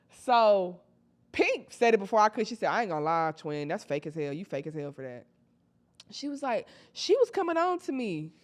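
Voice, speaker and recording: A young woman telling a casual storytime, slangy and animated, acting out her friends' lines. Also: fairly high pitch. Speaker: storytime vlogger.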